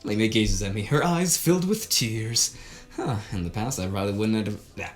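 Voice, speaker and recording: A woman reading a visual novel aloud, with theatrical commentary and sudden laughing shouts. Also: extremely low pitch, expressive, normal speed, soft background music. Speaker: game streamer.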